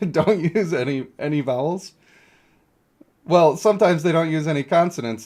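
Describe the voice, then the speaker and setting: In casual live-stream commentary, a young man plays a mobile game and muses out loud about its characters, cracking jokes as he rambles. He speaks at medium pitch and normal speed, in a slightly mellow voice.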